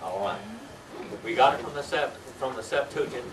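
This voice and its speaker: In a church classroom, an older man teaches a Sunday school Bible class, quizzing students with folksy tag questions in a mid-range voice at normal speed. He's recorded from afar in an echoey room, with faint hiss.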